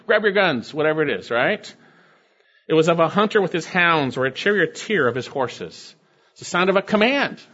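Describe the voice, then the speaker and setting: Man, pastor, expository sermon, emphatic, rhetorical questions, slightly high voice, muffled lo-fi sound. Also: pushed and bright, husky.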